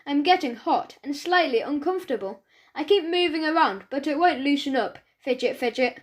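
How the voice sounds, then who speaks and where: A woman reads a children's audiobook aloud, speaking as a schoolboy in a chatty, first-person way. Her voice sits high and bright. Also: animated, normal speed. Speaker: audiobook narrator.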